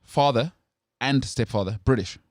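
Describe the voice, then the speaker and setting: A man's voice: mid-range voice, normal speed, a little mellow, no echo. A South African man hosting a sports talk show, opinionated and teasing in casual studio banter.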